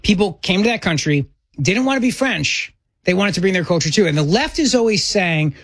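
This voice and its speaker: A man hosting a political talk radio show, upbeat and quick to cheer his guest on. His voice runs a little high for a man, heard close and dry. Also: big pitch swings, a bit bright, no echo. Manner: enthusiastic and affirming.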